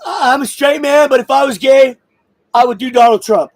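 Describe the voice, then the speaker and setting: A vlogger with a strikingly high voice launches into a profane political rant, swinging between angry shouts and laughter at a moderate pace. The rough recording sounds close and dry, with no room around it.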